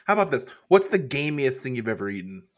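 A man's voice: mid-range voice, fast talker. A man co-hosting a podcast, telling stories casually and acting out what people said. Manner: animated storyteller, acts out people's lines. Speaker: podcast co-host. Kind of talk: casual chat recapping a cooking show.

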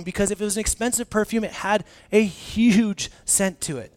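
A man preaching a conversational sermon as a pastor, casual and animated, often restarting phrases and dropping in filler words. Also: sits high, moderate pace.

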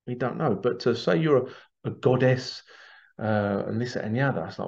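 Man, spiritual podcast host, rambling, opinionated, mid-pitched, slightly dull lo-fi sound. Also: expressive, normal speed, vocal fry, darkish tone. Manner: rambling, opinionated, acts out quotes in little voices. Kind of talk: casual monologue.

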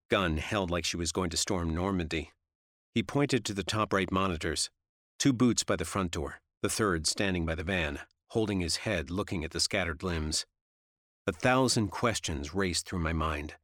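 A man giving steady, measured first-person audiobook narration. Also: low-pitched, dry recording, studio quality.

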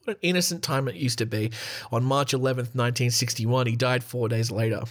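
The host of a relaxed solo podcast reads through a list briskly, his medium-pitched voice keeping fairly even intonation. Giggling at himself, he interrupts the reading with irreverent jokes.

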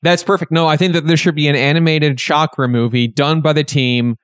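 A man's voice: fairly high pitch, steady tone, brisk, fairly bright tone, clear, resonant tone, no room sound, studio quality. A man hosting a podcast, casually leading the discussion and asking the others questions. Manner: leads the discussion, asks questions. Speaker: podcast host. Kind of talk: casual chat.

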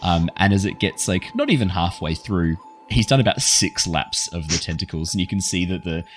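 A man's voice: low voice, sing-song, moderate pace, soft background music. A man narrating a tabletop game as game master, rambling with fillers and chuckles.

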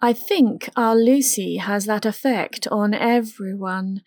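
A woman reading the part of an Irish witch with a soft lilt, in a slow, dry audiobook reading. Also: medium pitch, dry recording. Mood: sly.

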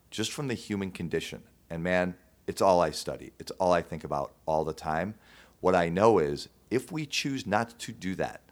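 A man hosting his own show, speaking to listeners in an earnest, emotional monologue with pauses and restarts. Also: low voice. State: choked up at times. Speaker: podcast host. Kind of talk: heartfelt monologue.

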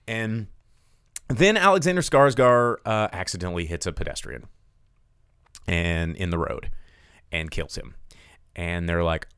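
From his home studio, a podcast host rambles and curses casually through a movie plot recap on a live show, using lots of fillers. His low voice is expressive and unhurried, a bit bright and smooth, in a recording with no echo.

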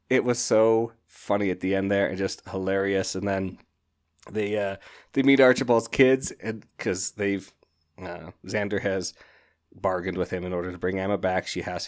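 A man hosting a podcast, chatting casually and excitedly about books in a rambling way, often laughing. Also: deep voice, normal speed. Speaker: podcast host. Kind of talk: casual book review chat.

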